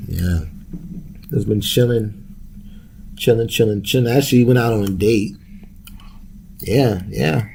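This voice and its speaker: A man's voice: fairly low pitch, unhurried, vocal fry, long pauses, darkish tone, a little hiss or hum. A young man hosting a podcast, ranting casually with loose street slang, profanity and laughter. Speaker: podcast host.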